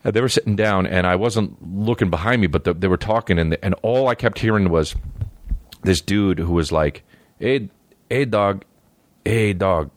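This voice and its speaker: A man's voice: low-pitched, brisk, dry recording. A male comedian hosting his podcast, telling loose, profane, meandering stories full of fillers in a studio. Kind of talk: rambling casual storytelling. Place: recording studio.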